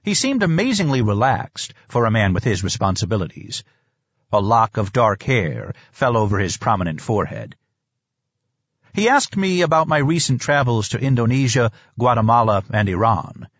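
A man narrating an audiobook in a measured, expressive storytelling manner. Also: mid-range voice, no room sound. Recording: dull lo-fi audiobook clip.

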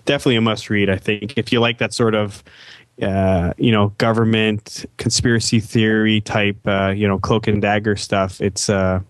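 A man's voice: on the low side, little pitch movement, normal speed, no room sound. A man co-hosting a casual podcast chat, rambling and often repeating words as he talks. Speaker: podcast co-host.

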